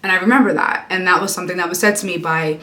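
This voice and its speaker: A woman's voice: lowish voice, steady tone, racing, sharp tone. A young woman telling a personal story in a casual get-ready-with-me vlog, chatty and swearing freely. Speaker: vlogger. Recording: echoey room.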